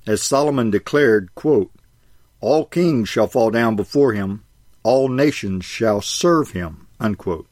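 A man with a lowish voice reads a sermon in a measured way. He slows down to stress key phrases and marks each quotation aloud. The sound is dry and close. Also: expressive, darkish tone, dry recording. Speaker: preacher. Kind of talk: scripted sermon reading.

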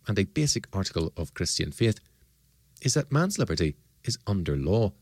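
A man giving a formal, measured lecture, pressing his points with rhetorical questions and emphatic rises. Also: low voice, dry recording. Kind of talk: formal lecture on liberty and law.

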